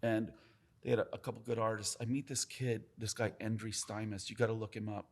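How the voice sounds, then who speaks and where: A man's voice: lowish voice, flat delivery, brisk. A man, a tattoo artist, telling stories in a casual podcast chat, emphatic and full of swearing. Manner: profane, emphatic, talks with his hands about craft.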